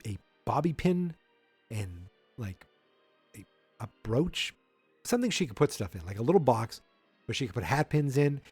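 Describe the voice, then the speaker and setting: A man with a mellow, relaxed tone rambles through a podcast recap, piling on fillers and slipping into quick voices for the characters. He is recorded dry and close on the mic. Faint music sits low behind him. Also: breathy edge, no echo. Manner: rambling, chatty retelling with fillers and acted-out quotes. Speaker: podcast host. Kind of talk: casual episode recap. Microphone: podcast microphone.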